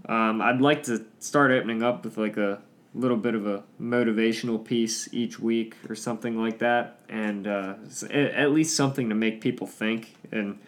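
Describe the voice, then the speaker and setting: A man's voice: on the low side, steady tone, moderate pace. Laid-back man hosting a car podcast. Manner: laid-back, swears casually, trails off with ums. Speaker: podcast host. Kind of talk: casual podcast chat.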